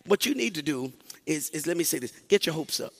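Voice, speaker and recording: A male pastor preaching a sermon, moving from quiet, slow talk to shouted, sing-song exhortation and calling on the congregation to answer. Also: on the high side, lively intonation. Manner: calls on the congregation to respond.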